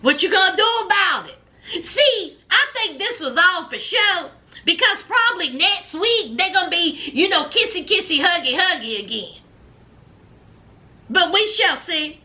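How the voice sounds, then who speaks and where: A woman's voice: very high voice, big pitch swings, measured pace, bright, forceful tone. A woman giving sassy, gossipy reality TV recap commentary, often saying "honey".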